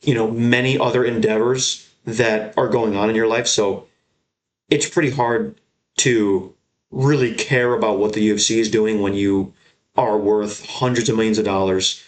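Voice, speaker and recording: A man's voice: lowish voice, steady tone, normal speed. A young man hosting his own fight recap show, talking bluntly and swearing as he rants. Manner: blunt, profane, heated ranting. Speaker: MMA show host. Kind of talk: solo fight recap rant.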